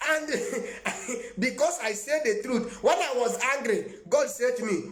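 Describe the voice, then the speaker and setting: A man's voice: very high voice, expressive, a little slow, echoey room. A man with a Nigerian accent, a prophet preaching live to his viewers. He rambles emphatically, laughs often and answers viewers by name.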